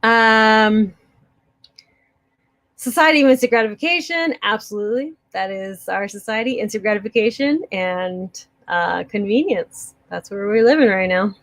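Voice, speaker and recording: Woman, host, casual live chat, reacting to viewer comments, upbeat, giggly, mid pitch. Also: normal speed, fairly bright tone. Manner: chatty and upbeat, giggles often. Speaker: host of a preparedness channel.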